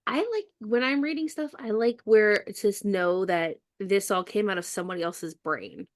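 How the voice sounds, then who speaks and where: Bubbly woman author chatting with laughs. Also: medium pitch. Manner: bubbly, laughing often, halting restarts. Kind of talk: casual podcast conversation.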